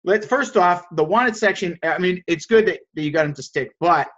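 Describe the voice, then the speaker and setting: A fairly high-pitched man coaching a group over a call, his audio a little dull and lo-fi. He restarts his sentences and keeps asking "right?" and "does that make sense?". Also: normal speed, a bit bright. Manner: restarts and repeats words, keeps checking in with "right?". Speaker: sales coach.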